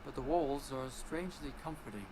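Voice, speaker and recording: A calm male reporter , voiced by a man, narrates a mystery game in measured, wistful lines. His voice sits at an everyday mid pitch. A clear background hiss runs under it. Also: natural voice. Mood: brooding.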